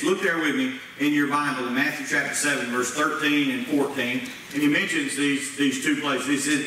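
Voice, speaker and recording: A pastor barely pauses as he preaches at a moderate pace, his fairly high voice pushed and bright. The sermon is folksy and plain, with Southern-style grammar and questions aimed at the congregation. The audio comes from far off in an echoey church sanctuary, with faint noise.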